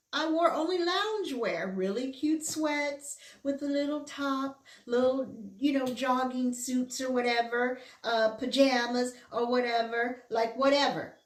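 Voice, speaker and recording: A middle-aged woman vlogger chatting candidly while she eats, sometimes with her mouth full. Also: a little high. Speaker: mukbang vlogger. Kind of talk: casual chat while eating. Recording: roomy indoor echo.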